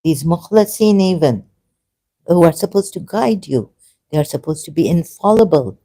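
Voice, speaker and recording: Meandering speaker with a mellow voice. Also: mid-range voice, expressive. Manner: meandering and halting, with many self-corrections; earnest, grows emotional and emphatic. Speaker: religious commentator. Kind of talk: unscripted personal monologue.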